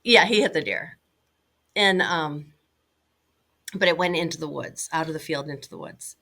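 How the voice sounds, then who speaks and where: A middle-aged woman recounting a hunting trip as an interview guest, animated and full of "like"s and fillers. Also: low voice, moderate pace. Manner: animated, many fillers and "like"s, laughing now and then. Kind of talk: casual storytelling.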